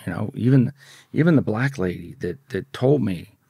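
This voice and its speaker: A man's voice: on the low side, expressive, moderate pace, vocal fry, warm tone, slightly rough, dry recording, clean studio sound. A man guest in an interview, telling a story in a rambling, profane, conversational way. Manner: profane, rambling, repeats words as he goes. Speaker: podcast guest.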